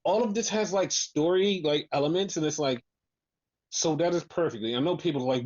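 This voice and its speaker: Man, casual podcast co-host, lively swearing recap, slightly high voice, dry dull-sounding recording. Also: brisk, no room sound. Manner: animated, profane, acts out wrestlers' lines. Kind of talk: casual wrestling recap chat.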